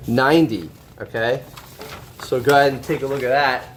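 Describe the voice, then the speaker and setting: A man's voice: mid-range voice, steady tone, moderate pace, noisy background. Man teaching a drawing class. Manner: checks in often, encouraging and joking with students. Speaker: high school shop teacher. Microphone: camera held by a student.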